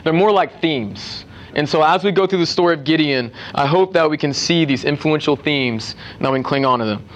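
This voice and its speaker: A man's voice: fairly high pitch, a little fast, muffled recording. A young man giving a casual sermon to a youth group, chatty, with restarts and asides. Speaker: youth speaker.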